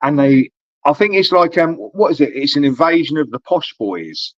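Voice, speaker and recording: A man's voice: a little high, normal speed, no echo. Sweary man ranting casually. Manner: swears a lot, rambling and animated. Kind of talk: casual chat. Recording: dull dry recording.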